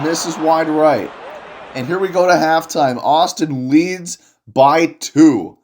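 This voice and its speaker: A young man calls a video game basketball match on his own, excitable and full of jokes, shouting when big plays happen. His voice sits on the high side and moves a little slowly, with noise in the background.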